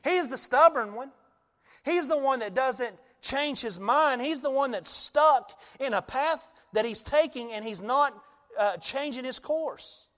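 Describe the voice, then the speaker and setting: High-voiced male pastor preaching. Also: a little slow, in a large hall. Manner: storytelling, animated, laughs often. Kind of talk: sermon.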